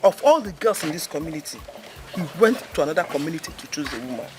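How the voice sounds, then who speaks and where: A woman's voice: low-pitched, quick pace, music in the background. An actress playing a meddling village woman with a Nigerian accent, gossipy and pushy. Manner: gossipy, pushy, expressive, mixing Igbo into English. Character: meddling middle-aged village woman urging action.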